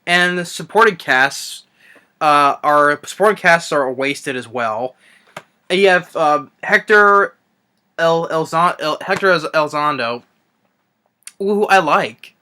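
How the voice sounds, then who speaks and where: Young man, rambling film rant, bright forceful tone, slightly raised pitch. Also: animated, slow, clear, resonant tone. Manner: rambling, many restarts and fillers. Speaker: movie reviewer. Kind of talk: unscripted rant review.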